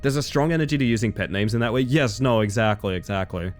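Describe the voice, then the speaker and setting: A man's voice: fairly low pitch, fast talker, soft background music. A man streaming live, chatting casually with viewers and reading their messages aloud, laughing often. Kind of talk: casual live-stream chat while gaming.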